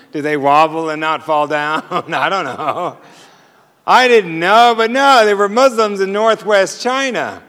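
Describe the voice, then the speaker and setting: A man telling a personal faith story as a sermon, animated and often chuckling at his own punchlines. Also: high-pitched, clean tone. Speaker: preacher sharing testimony. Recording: long hall reverb.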